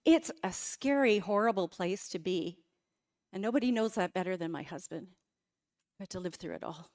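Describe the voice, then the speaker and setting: A woman's voice: mid-range voice, animated, moderate pace, a little mellow. A middle-aged woman giving a personal testimony talk in a church, telling her story dramatically and with feeling. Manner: emotional, dramatic storytelling with quoted outbursts. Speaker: guest speaker. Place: church sanctuary.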